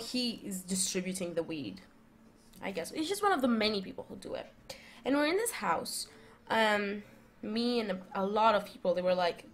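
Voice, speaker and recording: Rambling young woman telling a story. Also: medium pitch. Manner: rambling, animated, many fillers and restarts. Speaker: vlogger. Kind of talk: casual storytelling.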